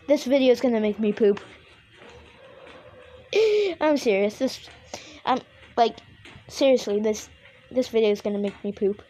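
A woman's voice: a little high, lively intonation, slow, pauses often, mellow, muffled recording. A woman doing casual reaction commentary, frightened, pleading with the screen and repeating herself. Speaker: reaction video host.

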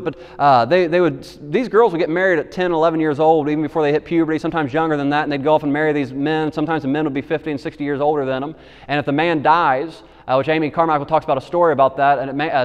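A man's voice: a little high, highs cut off. A man who is a pastor preaching a sermon, telling a story and then urging his church with emphatic, repeated lines and frequent restarts. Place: church sanctuary. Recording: long hall reverb.

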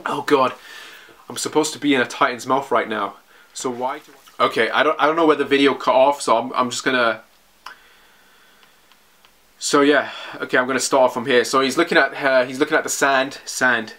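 A man giving an excitable, rambling reaction commentary as a video host, often tossing in "man". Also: medium pitch, moderate pace.

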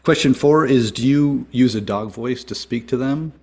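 A man hosting a podcast interview at an ordinary pitch. He works through numbered questions in a friendly, casual way and fills in with brief backchannels. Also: moderate pace, darkish tone. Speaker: podcast host.

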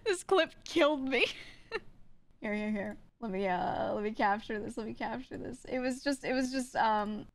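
Her voice on the high side and her speed normal, this young VTuber chats casually with her viewers from home. She reacts to clips and laughs frequently between sentences.

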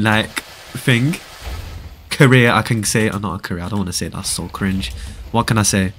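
A man's voice: lowish voice, normal speed, a bit bright, a little hiss or hum. A young man, chatting casually on a live game stream and bantering with viewers. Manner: casual, bantering, reads viewer chat aloud.

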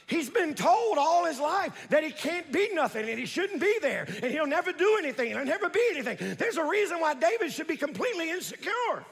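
A man preaches in a strikingly high, husky voice that swoops up and down. He tells the story with animated energy, calls out to his congregation and rises to shouting at the peaks. The sound rings with a long church-hall reverb. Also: fairly quick, hardly any pauses. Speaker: pastor. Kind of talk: preaching a sermon.

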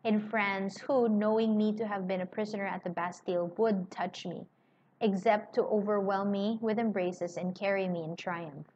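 A woman doing a calm, confident old doctor. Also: medium pitch, normal speed, natural voice. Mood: assured. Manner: cool, assured reassurance. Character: confident elderly male doctor, former prisoner. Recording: slightly muffled with faint hiss.

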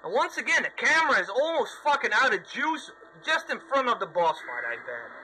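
A man's voice: very high voice, very animated, a little fast, bright, forceful tone, a little hiss or hum, low-quality recording. A man commentating his gameplay in a sweary, sarcastic running rant at the game. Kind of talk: let's play commentary.

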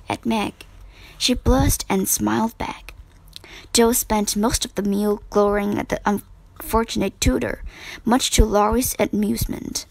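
A woman reading a children's storybook aloud as narrator, slow and measured. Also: mid-range voice, vocal fry, poor audio.

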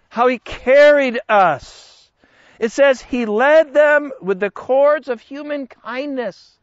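A man teaching a Bible study as a sermon, slow and emphatic, with big swings in pitch and loudness. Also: no echo, muffled recording.

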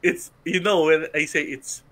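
A man's voice: fairly high pitch, fairly even intonation, normal speed, bright, forceful tone. A man with a Filipino accent, co-hosting a casual podcast chat, teasing dryly in short replies. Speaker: podcast co-host.

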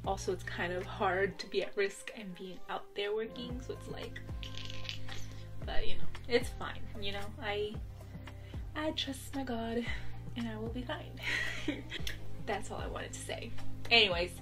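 A woman's voice: mid-range voice, measured pace, pauses often. A young woman chatting casually to camera in her bedroom, rambling and giggling between asides. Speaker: vlogger. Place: bedroom at home. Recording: music playing in the background.

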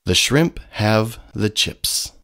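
A man narrating simple children's stories in a very slow, clear, sing-song reading. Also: on the low side, animated, a bit bright. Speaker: storybook narrator. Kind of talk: scripted children's story narration.

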